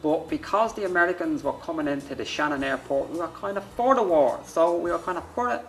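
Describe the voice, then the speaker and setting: A man's voice: a little high, lively intonation, quick pace, loud music behind the voice, voice pushed up. A man doing an impression of a rambling Irish head of government in a thick Dublin accent, hedging between two positions. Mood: waffling. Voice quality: thick accent, waffling, hesitant.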